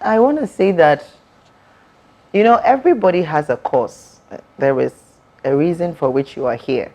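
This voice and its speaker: Woman guest, low pitch, emphatic preacherly delivery with repetition. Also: expressive, moderate pace, warm tone. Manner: emphatic, preacherly, repeats words for effect. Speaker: author and guest. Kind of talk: testimony in an interview.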